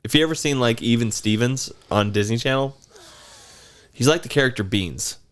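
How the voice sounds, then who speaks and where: A man's voice: medium pitch, moderate pace. A man in his thirties casually telling a long, rambling story on a podcast. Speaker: podcast co-host.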